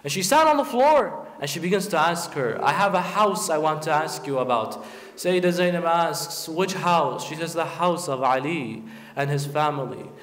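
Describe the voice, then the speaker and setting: A man's voice: on the high side, moderate pace, a bit bright. A man delivering a Muharram sermon, telling the story dramatically and voicing the figures in it. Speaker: preacher. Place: large prayer hall. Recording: roomy hall echo.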